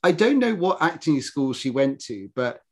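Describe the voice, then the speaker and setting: A man co-hosting a podcast in casual, animated chat, mocking people with impressions. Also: a little high, moderate pace. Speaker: podcast co-host.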